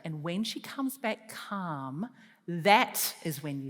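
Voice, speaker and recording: A woman giving a lively counselling talk to an audience, moving from loud emphasis to soft, hushed advice. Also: lowish voice, takes it slowly. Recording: long hall reverb.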